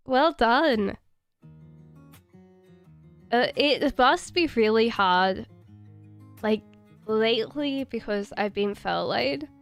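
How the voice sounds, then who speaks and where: A woman's voice: on the high side, fairly bright tone, clean tone. A woman with an Australian accent blended with British, chatting casually on a live stream as a tarot reader, rambling and giggling with lots of fillers. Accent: Australian mixed with British.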